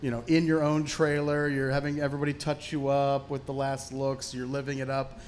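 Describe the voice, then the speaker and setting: A man's voice: mid-range voice, completely flat delivery, a little fast, a little hiss or hum. A man on a film panel, telling a casual anecdote from his early days on set and laughing as he goes. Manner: laughs while telling the story.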